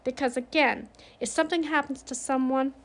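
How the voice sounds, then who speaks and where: Grieving woman talking straight to camera, kinda high voice, frank, gets emphatic. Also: fairly even intonation, a little fast. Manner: frank and confiding, emphatic outbursts. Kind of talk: personal monologue.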